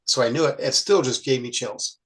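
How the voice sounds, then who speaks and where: A man's voice: mid-range voice, brisk, poor audio. A man hosting a podcast, talking casually and thinking aloud about his own writing as an author. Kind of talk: casual chat.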